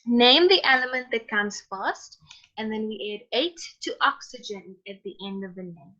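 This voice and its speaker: Teacher, woman: bright, forceful voice, patient with students, dull lo-fi call audio. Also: a little high, animated, normal speed. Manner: patient, prompting students by name. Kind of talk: online chemistry lesson. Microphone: computer mic on a video call.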